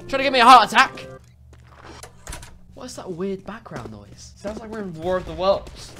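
A woman doing ranting game commentary, loud, profane and mocking, swinging between shouting and muttering. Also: medium pitch, animated, moderate pace. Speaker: gaming commentator. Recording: voice over loud background music. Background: background music.

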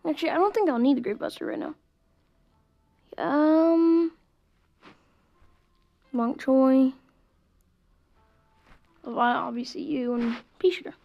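Talking directly to viewers, a high-voiced, bright-sounding woman keeps up chatty commentary over a mobile game, with little muttered asides. She goes slowly, sounds creaky and pauses often; the phone screen-recording mic cuts off the highs.

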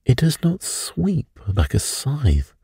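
A man reading a bedtime story, voicing a brooding priest who speaks low and dreamily of evil. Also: huge pitch swings, slow, gravelly, warm tone, slightly rough, dry recording, clean studio sound, exaggerated voice. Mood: dreamy. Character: mystical, brooding elderly male priest.

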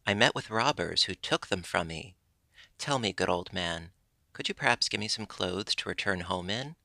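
A man's voice: sits low, expressive, normal speed, creaky, bright, forceful tone, dry recording, full character voice. A man doing a sheepish wooden puppet boy. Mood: pleading.

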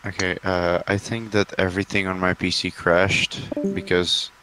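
A man's voice: deep voice, little pitch movement, moderate pace. A young man gaming with friends, making dry, drawling remarks in casual chat. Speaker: gamer. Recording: noisy mic with clicks.

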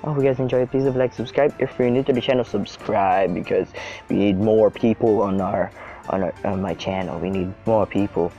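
A young man casually commenting on his own gameplay as a channel host, excitable and swearing freely. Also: lowish voice, brisk, dull audio. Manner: excitable, swears a lot, shrieks when chased. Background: faint background music.

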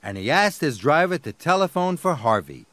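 An American man narrating a children's story in an expressive storyteller manner. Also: a little high, normal speed, no room sound.

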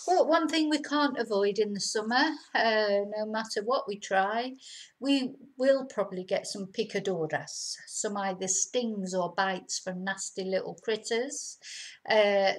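A woman teaching vocabulary to camera, patiently explaining each word in two languages. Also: fairly high pitch.

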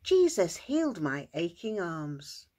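A woman voicing a suffering man with leprosy who pleads for help, in a high, excited voice. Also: slow pace, exaggerated voice. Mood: overjoyed.

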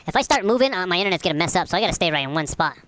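A woman giving loud, casual commentary over her own gameplay, swearing often and laughing at her own deaths. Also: lowish voice, expressive, rapid-fire, a little hiss or hum. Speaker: gamer, channel host. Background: game gunfire and explosions.

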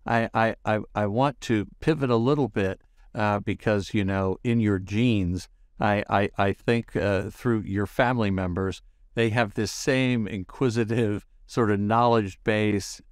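A man hosting a podcast interview, enthusiastic and halting, with many fillers and restarts. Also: lowish voice, no echo, studio quality. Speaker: podcast host.

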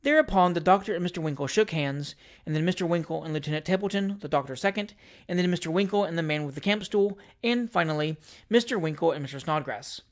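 Measured, wry narrator of a classic novel. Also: medium pitch. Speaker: reader. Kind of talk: audiobook reading of a classic novel.

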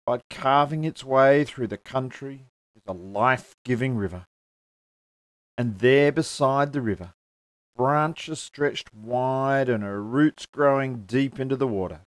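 A man at a church service reading a children's picture book aloud with expressive storytelling. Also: mid-range voice, dry recording.

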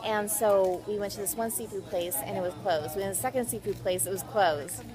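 A woman's voice: mid-range voice, fairly quick. A young woman vlogging, bubbly and giggly, gushing over food and places with a friend. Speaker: beauty vlogger. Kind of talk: casual vlog chat. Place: outdoors at the beach, restaurants. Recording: loud background music. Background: loud music.

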